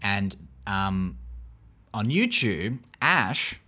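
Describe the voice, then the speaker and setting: A man's voice: fairly low pitch, very animated, very slow, pushed and bright. A man from the United States co-hosting a podcast in casual chat, laughing often as he reads out listener comments. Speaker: podcast co-host.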